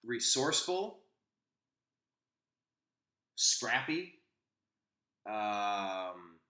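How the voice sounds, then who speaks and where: A man's voice: lowish voice, very animated, very slow, sharp tone, roomy sound. A man hosting a casual opinion chat, telling a rambling anecdote with frequent restarts. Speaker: host.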